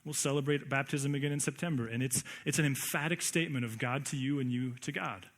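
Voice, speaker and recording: A man's voice: mid-range voice, quick pace, fairly bright tone. A male pastor preaching a conversational sermon, full of rhetorical questions and emphatic repetition.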